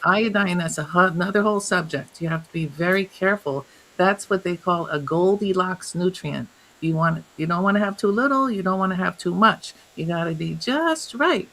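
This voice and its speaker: A woman guest, a health coach, telling stories in an interview, animated and laughing often as she acts out what others said. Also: on the low side, moderate pace, poor audio. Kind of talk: storytelling in an interview.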